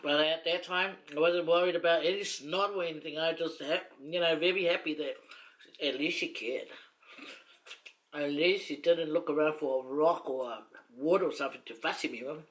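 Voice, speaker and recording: Her voice is deep and her speed normal: a middle-aged Samoan-accented mukbang vlogger, seated on a long chair at home. She tells casual, wandering stories to the camera in a teasing way, with lots of laughter.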